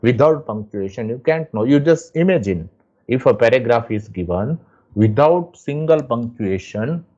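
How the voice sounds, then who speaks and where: A man teaching a lesson from slides, explaining slowly and repeating himself. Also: medium pitch, lively intonation, darkish tone, highs cut off. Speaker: English teacher. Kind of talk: slide lecture.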